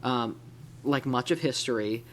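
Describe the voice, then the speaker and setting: A male host from the Illinois-Wisconsin area chats loosely about comic books, full of fillers and restarts. He speaks a little slowly at a medium pitch, and there's a slight hiss or hum.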